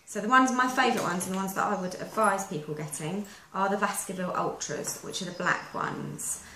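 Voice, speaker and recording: A woman's voice: mid-range voice, a little fast, pushed and bright. Chatty woman in an echoey room. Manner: chatty, practical step-by-step explaining. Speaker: dog trainer. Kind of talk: instructional how-to video. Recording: echoey room with faint noise.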